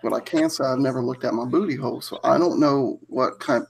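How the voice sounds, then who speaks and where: A man's voice: medium pitch, brisk, gravelly, breathy edge. A man co-hosting a live stream, telling profane stories in a casual way and laughing through them. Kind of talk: crude casual storytelling.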